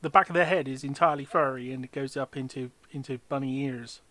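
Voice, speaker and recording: A man's voice: mid-range voice, steady tone, quick pace, bright, forceful tone. A man acting as dungeon master, chatting casually and telling jokey, rambling stories between game turns. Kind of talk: casual chat while running a tabletop game.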